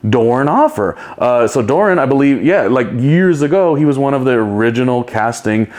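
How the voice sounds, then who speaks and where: Male podcast host, solo commentary, loose and rambling, middle-pitched voice. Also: expressive, moderate pace, darkish tone. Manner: chatty and rambling, with playful impressions and frequent laughs.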